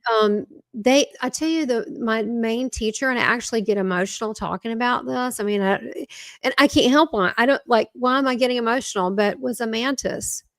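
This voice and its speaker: A woman with a Southern US accent, a guest on an interview podcast, telling stories in a rambling, excitable way. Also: a little high, brisk, no echo. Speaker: guest, spiritual medium. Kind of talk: casual interview talk.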